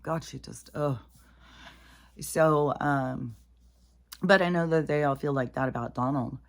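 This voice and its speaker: A woman ranting casually to camera, exasperated and profane, swinging from muttered asides to loud outbursts. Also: sits low, animated, normal speed. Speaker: commentator.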